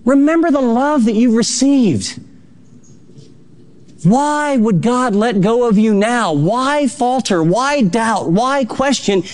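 A man preaching a sermon as pastor, fervent and exhorting, swinging between soft and urgent lines. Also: very high-pitched, lively intonation, slow pace.

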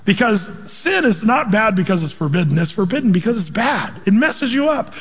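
A man preaching a sermon as pastor, with a high voice. He quotes scripture and acts out the voices of the people he describes. The sound carries a long reverb from a church hall. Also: normal speed, breathy edge. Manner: animated preaching, quoting scripture and acting out voices.

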